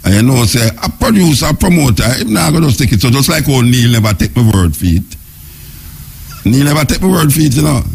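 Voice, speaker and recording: A middle-aged man with a Jamaican accent, hosting a radio show in casual, excited patois talk. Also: medium pitch, fast, creaky, slight background noise. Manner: excited, laughing, patois chatter. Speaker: radio host. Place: radio studio.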